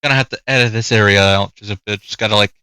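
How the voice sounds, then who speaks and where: A man's voice: fairly low pitch, fairly even intonation, rapid-fire, pushed and bright, clear, resonant tone, no echo. A man giving casual gameplay commentary, chatting away and talking to the animals in his game. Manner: chatty, talks to the game's animals. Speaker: gaming youtuber.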